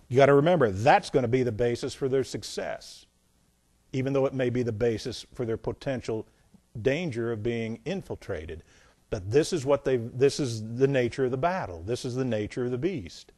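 With a mid-range voice, a man leads a Bible lesson as a pastor, emphatic and prone to repeating phrases, moving between loud declarations and soft asides. The studio-quality audio carries no room sound.

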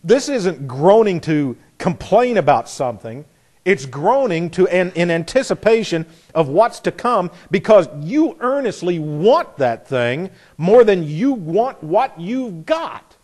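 A man's voice: sits high, big pitch swings, takes it slowly, a little mellow. A man preaching a sermon in an earnest, emphatic way, asking rhetorical questions and often restarting his phrases.

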